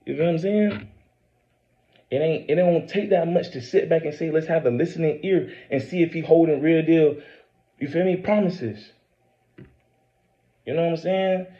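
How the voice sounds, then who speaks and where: A man giving a rambling, preachy religious monologue, repeating himself, swearing and stumbling through scripture readings. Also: fairly high pitch. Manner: reads scripture aloud haltingly. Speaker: self-posting religious speaker. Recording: dull lo-fi recording.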